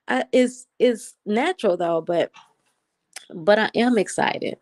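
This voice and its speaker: Animated, excited-sounding woman livestreaming. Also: on the high side, slow. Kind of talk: casual live chat, reading viewer comments.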